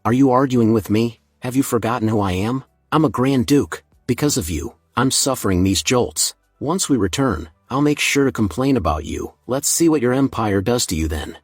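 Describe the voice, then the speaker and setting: A man's voice: medium pitch, animated, moderate pace, few pauses, dry recording, clean studio sound, faint music behind, close to an everyday voice. A man voicing an arrogant, cruel middle-aged grand duke who rants and boasts in a story recap. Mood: ranting. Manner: boastful, ranting.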